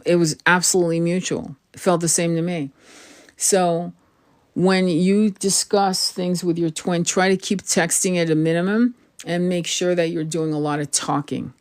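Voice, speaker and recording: A woman's voice: fairly low pitch, darkish tone, no room sound, studio quality. A woman tarot reader giving an earnest spiritual advice monologue, frank and casual, swearing now and then and often restarting her phrases.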